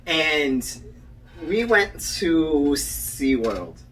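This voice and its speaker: A young man tells a story on a casual podcast, lively and full of swearing, laughing through it. He sits some way back from the mic, so his voice has a touch of distance. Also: fairly high pitch, drawn-out words. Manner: animated storyteller, swears freely, laughs often. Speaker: podcast co-host. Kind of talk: casual chat.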